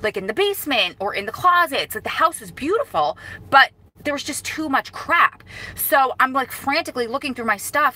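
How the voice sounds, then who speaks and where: A woman's voice: a little high, lively intonation, moderate pace, bright, forceful tone, low-quality recording. A woman vlogger talking casually to her viewers, emotional and holding back tears, rambling and apologizing as she goes. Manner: rambling and apologetic, many restarts. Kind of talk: casual talk to camera.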